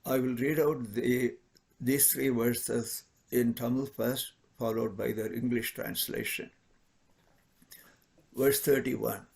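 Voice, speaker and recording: A man giving a measured spiritual talk, explaining verses and repeating key points for emphasis. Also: medium pitch, steady tone, gravelly, a little mellow. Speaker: devotional speaker. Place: ashram celebration.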